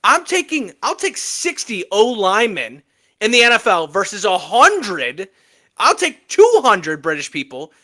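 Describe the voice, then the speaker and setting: A man with a fairly high, bright voice opens and runs a casual sports podcast. He jokes and trash-talks with real emphasis, then moves on to the news. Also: a little slow. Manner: animated, joking, emphatic trash talk. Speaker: podcast co-host.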